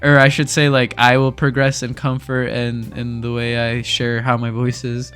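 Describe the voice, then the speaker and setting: A young man chatting casually over gameplay, speaking softly, rambling candidly and laughing often into a desk mic. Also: medium pitch, monotone, normal speed, clear, resonant tone, faint music behind. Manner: speaks softly while recording. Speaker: gaming video creator. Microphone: desk microphone.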